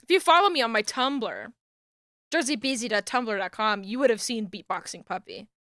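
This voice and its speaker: A young woman on a live stream talks casually and excitably, laughing often and trailing through fillers. Her voice sits a little high, with a bright, smooth, crisp tone, and the sound is dry and close. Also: normal speed, dry recording. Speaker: streamer rigging an animated model.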